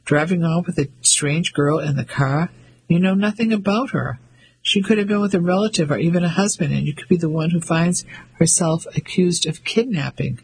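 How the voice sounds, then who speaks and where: A man's voice: on the high side, moderate pace, gravelly, slightly rough, heavily acted, poor audio. A man voicing a proper, disapproving English lady who talks in a prim, scolding way.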